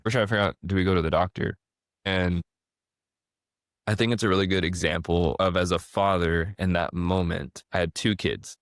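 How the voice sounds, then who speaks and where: A deep-voiced man in his thirties hosts a podcast conversation. He tells animated stories and often restarts his sentences. His voice sounds close and dry, with no room echo. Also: moderate pace. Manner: animated storyteller, frequent restarts. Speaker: podcast host. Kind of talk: casual conversation.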